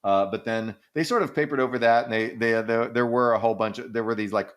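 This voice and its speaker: A man's voice: medium pitch, fast. A man co-hosting a podcast, chatting casually and rambling through stories full of "like," casual swearing and laughs. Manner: rambling, animated storytelling with frequent "like" and casual swearing; acts out quoted people in exaggerated voices, laughs often. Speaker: podcast co-host answering listener questions.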